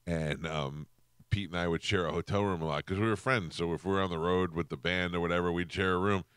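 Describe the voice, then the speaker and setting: A man's voice: low-pitched, steady tone, fast, a bit bright, clean tone, no room sound. A man hosting a morning radio show, joking and teasing through casual banter. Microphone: studio microphone.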